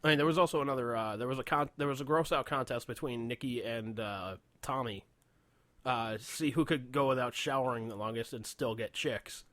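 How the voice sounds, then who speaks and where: Laid-back laughing radio host. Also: male voice, medium pitch, brisk, fairly bright tone, no room sound. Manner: laughs often, swears, retells stories in quoted voices. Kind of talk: casual podcast chat.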